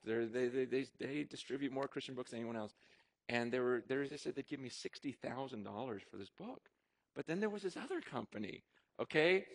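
A middle-aged man preaching a sermon, telling a personal story in an animated, excited way, with restarts and bursts of laughter. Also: a little high. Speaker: pastor.

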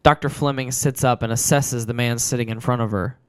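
A man telling a short story he wrote, in plain steady narration, then chatting loosely about it with fillers. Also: mid-range voice, brisk, clean tone, dry recording, studio quality. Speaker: storyteller and author. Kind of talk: reading a dark short story, then casual chat.

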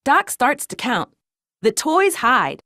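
A woman reading a children's storybook aloud in a gentle, lilting read-aloud manner. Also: high-pitched, big pitch swings, slow, no echo, studio quality. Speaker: storybook narrator.

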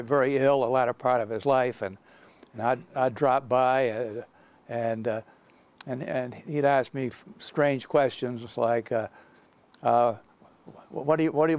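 Gravelly older man lecturing haltingly. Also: mid-range voice, a little mellow. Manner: halting, many fillers and restarts. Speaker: guest lecturer recounting experience. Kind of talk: unscripted lecture reminiscence.

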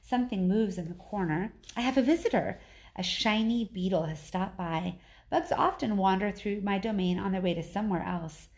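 A woman reads a children's novel aloud to her class with steady narration. Her voice sits at a plain middle pitch. She stumbles and restarts now and then but keeps the story moving. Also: normal speed. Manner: steady first-person narration with small slips and restarts. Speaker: teacher reading aloud.

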